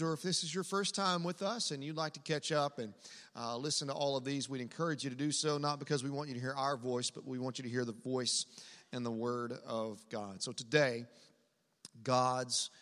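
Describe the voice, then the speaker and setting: A man's voice: medium pitch, steady tone, normal speed, a bit bright. A man preaching a sermon as pastor, telling a family story in an earnest, conversational way. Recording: long hall reverb.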